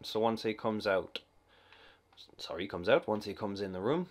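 Deep, lively Geordie man talking through a video game, pitch bouncing around as he jokes. He cracks crude gags and mocks himself while playing, in loose let's-play commentary. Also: moderate pace. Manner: joking, crude, self-mocking. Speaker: gameplay commentator.

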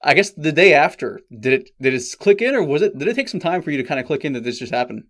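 Interviewer asking relaxed questions. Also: male voice, on the high side, fast talker. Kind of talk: casual interview.

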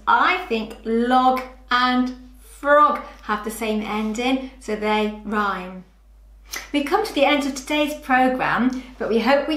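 Slow sing-song woman teaching small children. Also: fairly high pitch, a bit bright, echoey room. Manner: slow, clear and exaggerated, stretching rhyming words. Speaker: preschool teacher.

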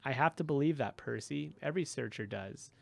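A man voicing a gentle, idealistic young male satyr who talks mournfully and turns indignant. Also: medium pitch, lively intonation, a little fast, creaky. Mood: determined.

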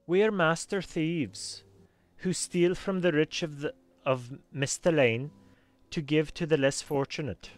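A man's voice: on the high side, steady tone, measured pace, pitched above the performer's own voice, lightly acted. A Canadian man voicing a cheerful adult woman master thief in a video game, reading her lines theatrically. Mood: boastful.

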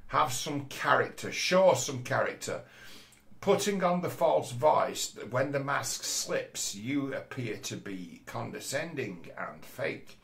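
A man's voice: mid-range voice, lively intonation, slow pace, vocal fry, fairly bright tone. A middle-aged man, talking bluntly in a sweary casual monologue. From Rochdale, England. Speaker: commentator.

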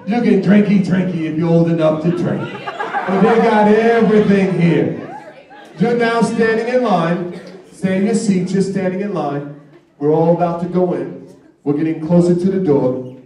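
A man working as a stage hypnotist at a live show, talking dramatically and commandingly, dropping to a hushed suggestion and then rising to shouted urging. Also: high-pitched. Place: large hall with a student audience. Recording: echoey hall, mic heard from far off, crowd noise. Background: audience laughter.

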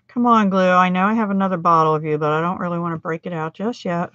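On a livestream, a middle-aged American woman shows how to make cards, chatting away, poking fun at herself, and laughing frequently at her mistakes. Her voice is lowish and fairly bright, with fairly even intonation and a brisk pace. There's no echo, but the high frequencies are cut off.

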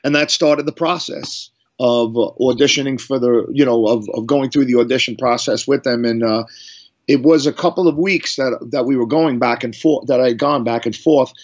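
A middle-aged man from Long Island tells his story in a loose, rambling way, full of restarts and fillers. His voice sits in an average pitch range. The audio is slightly muffled. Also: moderate pace. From Long Island, New York. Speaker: guest musician. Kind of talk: casual storytelling interview.

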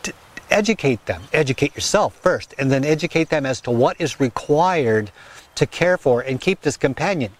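Earnest man giving garden advice. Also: fairly high pitch. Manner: earnest, folksy, direct advice with frequent "okay?". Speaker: gardening channel host. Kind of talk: casual advice talk.

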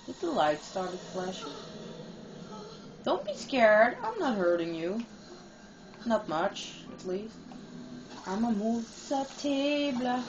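A woman giving casual, excitable let's-play commentary while she plays, teasing and swearing. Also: on the high side, slow, long pauses, background noise. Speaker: gamer playing and commenting. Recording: game music playing behind.

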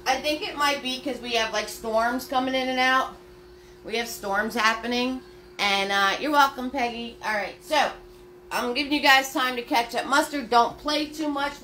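A woman's voice: on the high side, unhurried, bright, forceful tone. A woman leading a live-streamed painting class, chatty and upbeat as she talks viewers through each step. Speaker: paint party instructor.

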